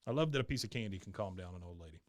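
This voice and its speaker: A man's voice: deep voice, expressive, rapid-fire, dry recording. A man hosting a podcast, casually recapping an episode with lots of filler sounds and chuckles. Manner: rambling, many filler sounds, chuckles often. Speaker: podcast host.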